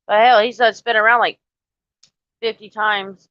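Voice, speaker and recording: A woman's voice: medium pitch, flat delivery, unhurried, no echo. A woman hosting a casual live chat, blunt and salty, talking firmly to her dogs between questions. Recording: dry, slightly muffled lo-fi audio.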